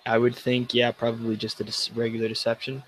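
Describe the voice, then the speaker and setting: A man's voice: mid-range voice, monotone, fairly quick, background noise. A man playing a tabletop game, rambling and hedging as he explains his moves. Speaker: player. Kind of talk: casual tabletop game play.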